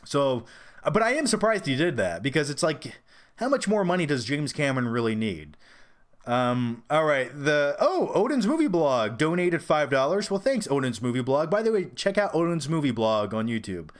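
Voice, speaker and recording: A man's voice: on the high side, very animated, moderate pace. A man hosting a casual live-stream Q&A about movies, rambling and opinionated with frequent restarts. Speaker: host of a film review channel.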